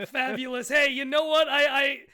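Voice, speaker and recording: Excitable stream co-host; high, bright, laughs a lot, casual commentary. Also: takes it slowly. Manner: excitable, laughs often, stumbles over words.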